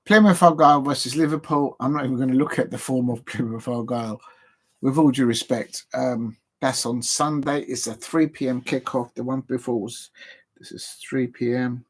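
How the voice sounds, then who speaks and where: A man from England hosts a live football stream at a middle pitch. He rambles casually and pokes fun at himself. He talks straight to his viewers. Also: fairly even intonation, normal speed. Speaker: football show host.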